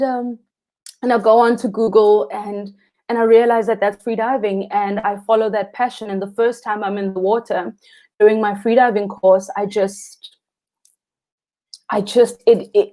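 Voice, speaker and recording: A woman's voice: medium pitch, mellow. A South African woman, a guest freediving instructor, telling a story animatedly, acting out quotes and laughing often. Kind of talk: casual interview storytelling.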